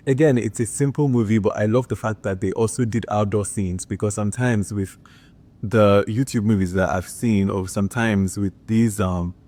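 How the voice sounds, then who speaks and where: A man's voice: fairly low pitch, steady tone, moderate pace, dark tone. A man chatting enthusiastically in a casual movie review, filling his talk with "like". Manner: chatty and enthusiastic, with frequent filler "like".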